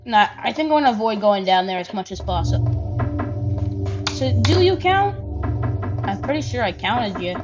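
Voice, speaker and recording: A woman's voice: mid-range voice, very animated, moderate pace, long pauses. A woman giving let's-play commentary, thinking aloud, counting under her breath and swearing freely. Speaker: gaming channel host. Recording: slightly dull audio with loud game music.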